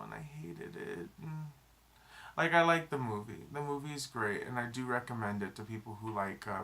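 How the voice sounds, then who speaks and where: A man's voice: lowish voice, creaky, sharp tone. A young man vlogging a casual, rambling movie review, full of fillers and restarts.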